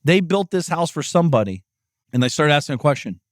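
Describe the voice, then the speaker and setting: A middle-aged man hosting a podcast, delivering an intense, profane motivational monologue, often yelling. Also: on the high side, expressive, a little fast, no room sound, studio quality. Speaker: podcast host.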